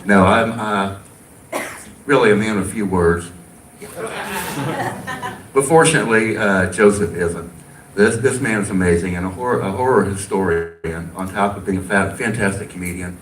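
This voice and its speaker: A man with a lowish voice presents an award, mixing jokes with teary sentiment. He sounds some way from the mic. The hall around him is echoey, and steady noise is plainly audible. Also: moderate pace, long pauses, distant mic. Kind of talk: ceremony introduction speech.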